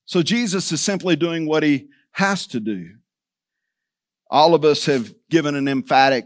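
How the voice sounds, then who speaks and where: A male pastor giving a sermon in a conversational, animated way, often turning to the congregation as church and quoting scripture. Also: on the high side, measured pace, no room sound. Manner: animated, quotes scripture in changing voices.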